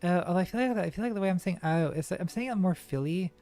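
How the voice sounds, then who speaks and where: A woman's voice: fairly low pitch, animated, fast, dark tone, faint music behind. A woman streamer giving casual gaming commentary, rambling with ironic, self-mocking jokes.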